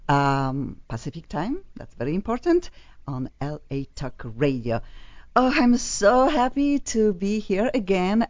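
Bubbly foreign-woman host, lively swooping pitch, muffled radio sound. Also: no room sound. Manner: effusive, exclamatory, broken English. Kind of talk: lively radio talk show chat. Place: radio studio.

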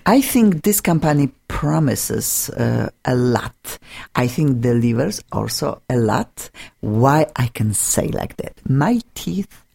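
A woman's voice: extremely low pitch, very animated, slow, gravelly, mellow, husky. A woman hosting a studio talk show, chatty and enthusiastic, with non-native phrasing. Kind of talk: casual studio chat.

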